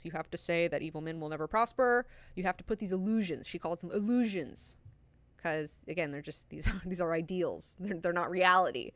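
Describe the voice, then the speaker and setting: A woman's voice: lowish voice, expressive, brisk, a bit bright, no room sound. A young woman hosting a book club, chatting casually and animatedly, swearing freely and acting out characters as she goes. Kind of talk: casual book discussion with read-aloud quotes.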